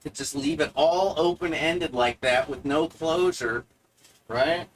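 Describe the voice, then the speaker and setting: A man delivering a provocative monologue to the viewer, sardonic and deliberate, halting often to find his words. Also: a little high, poor audio. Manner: mock-lecturing, talks straight to the viewer. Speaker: video essayist.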